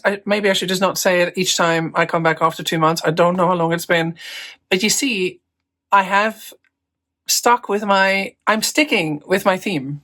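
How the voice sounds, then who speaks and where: A woman's voice: fairly low pitch, normal speed, a bit bright. A woman in her forties, an art teacher chatting in her small home studio, talking close to a phone with bubbly, rambling, self-amused energy. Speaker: mixed media artist and art teacher. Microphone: phone held close up.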